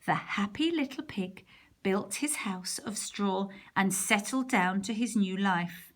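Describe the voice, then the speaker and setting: Soft slow woman reading a storybook. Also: mid-range voice. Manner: soft, partly whispered narration.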